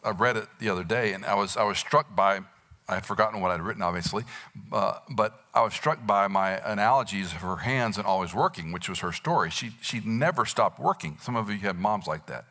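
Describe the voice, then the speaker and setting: Bright-voiced man in his sixties preaching. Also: on the low side, a little fast. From United States. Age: 60s. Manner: animated storytelling, acting out quotes. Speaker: pastor. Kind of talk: sermon.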